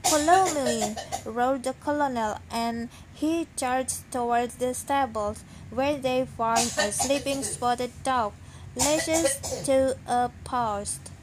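A woman reading children's stories aloud in a slow, sleepy way. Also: high-pitched, background noise. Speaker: storybook reader.

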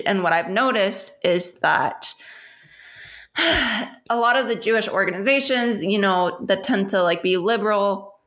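A woman's voice: mid-range voice, fairly bright tone. A young woman co-hosting a podcast in casual chat, rambling with constant fillers and swearing freely. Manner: rambling, heavy filler "like", frequent swearing and laughs. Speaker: podcast co-host.

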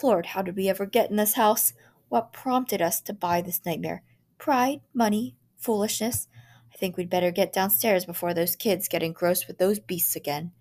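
A woman's voice: mid-range voice, normal speed, darkish tone, lightly acted. A woman reading the part of a weary, anxious mother who sighs and pleads.

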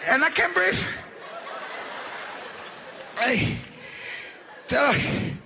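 A man's voice: extremely high pitch, lively intonation, extremely slow, creaky, sharp tone, a little hiss or hum, pitched above the performer's own voice, exaggerated voice. A man voicing a middle-aged uncle who moans and whines that he cannot breathe. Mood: pleading. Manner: whining, moaning.

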